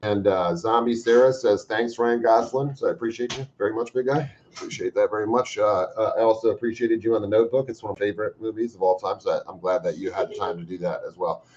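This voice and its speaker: A man hosting a livestream, chatting casually and reading out viewer comments with profane, joking bursts of loud emphasis. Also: on the low side, fairly even intonation, quick pace, hardly any pauses, a little hiss or hum. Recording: slightly dull lo-fi stream audio.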